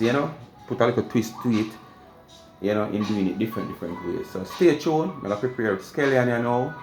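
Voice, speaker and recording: A man's voice: on the low side, a little fast. Jamaican man chatting in an echoey kitchen. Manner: chatty, talks to viewers while cooking. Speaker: cooking vlogger. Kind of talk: casual cooking talk. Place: home kitchen. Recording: echoey kitchen with music behind.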